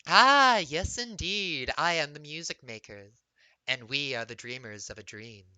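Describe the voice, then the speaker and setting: A man's voice: on the high side, animated, a little slow, sharp tone, clear, resonant tone, no echo, full character voice, poor audio. A man voicing a flirty female bird-person bard who repeats and stutters words like a mimic. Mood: coy.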